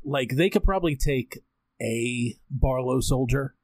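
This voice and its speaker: A man's voice: mid-range voice, a little slow, no echo. A man in casual chat, laid-back and blunt, swearing casually as he recaps a show.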